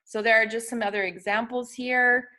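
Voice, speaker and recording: A young woman explains spelling rules patiently and methodically, with frequent ums and small self-corrections. Her voice is a little high and sharp, with fairly even intonation and normal speed.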